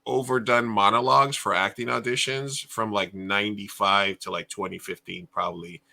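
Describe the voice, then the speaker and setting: Gravelly male co-host, casual rambling chat, slightly low. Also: steady tone, normal speed, sharp tone. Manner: rambling, chatty, trails off. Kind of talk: casual chat reacting to a list.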